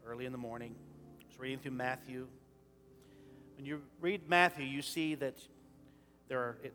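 A man preaching a sermon as pastor, shifting from quiet talk into sudden loud impassioned rises. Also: mid-range voice. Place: church sanctuary.

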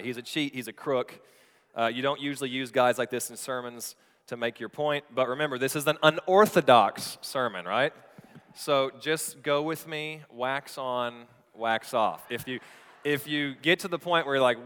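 A man's voice: medium pitch, fairly bright tone, clear, resonant tone, long reverb tail. A man preaching a sermon in a church, telling a story with playful asides to the congregation. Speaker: pastor. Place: church sanctuary.

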